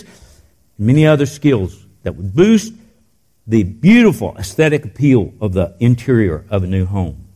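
An older man preaching a sermon in a church, telling stories and dropping into soft, intense passages. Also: fairly low pitch, very animated, unhurried. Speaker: pastor.

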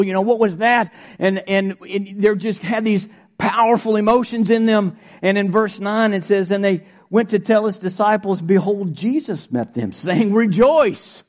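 High-voiced animated male preacher. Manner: animated, swings between shouting and quiet asides. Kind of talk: sermon.

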